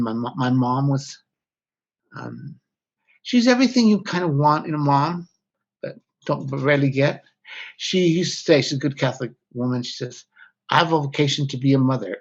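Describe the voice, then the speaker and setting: A man, a guest author, speaking candidly and reflectively in an interview, often breaking off mid-thought. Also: medium pitch. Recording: slightly dull lo-fi audio.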